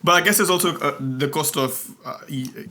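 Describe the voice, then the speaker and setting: A man's voice: fairly high pitch, moderate pace, bright, forceful tone. A man co-hosting a casual chat about a sermon, easygoing and thinking aloud as he asks questions. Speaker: co-host asking questions.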